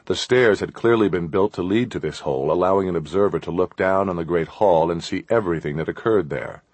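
Deep husky male audiobook narrator. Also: no echo. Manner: steady, measured storytelling.

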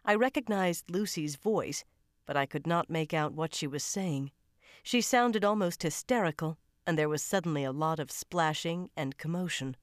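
A low-voiced woman reading a first-person thriller aloud, tense and dramatic. Her delivery is close and controlled. The recording is very dry, with no room sound. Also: animated, normal speed, dry recording. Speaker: audiobook narrator. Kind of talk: first-person audiobook narration.

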